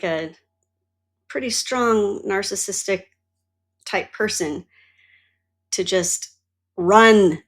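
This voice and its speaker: A middle-aged woman hosting her own show, talking candidly about her life and swearing freely. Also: medium pitch. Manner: candid and animated, swears, acts out her own past reactions. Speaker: podcast host and mentor. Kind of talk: personal monologue.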